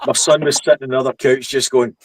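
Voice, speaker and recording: Husky man with deadpan jokes. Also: mid-range voice, quick pace, no room sound. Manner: dark deadpan humor. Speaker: guest on a live stream. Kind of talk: casual live stream chat.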